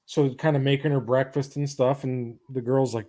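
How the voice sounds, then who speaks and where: A man hosting a podcast, retelling a story in casual chat, halting and restarting as he goes. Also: medium pitch, flat delivery, dark tone. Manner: halting retelling of a comic's plot. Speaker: podcast host.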